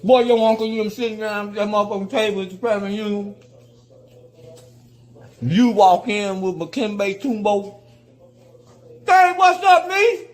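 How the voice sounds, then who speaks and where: A man delivering a loud, profane rant in a video clip, repeating his insults over and over. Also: high voice, fairly even intonation, normal speed, long pauses. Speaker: guest commentator in a played clip.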